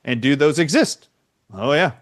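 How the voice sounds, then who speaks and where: A man's voice: a little high, expressive, moderate pace, no room sound, clean studio sound. A man as a guest on a podcast, explaining his views emphatically and quizzing the hosts. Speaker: guest doctor. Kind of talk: podcast conversation.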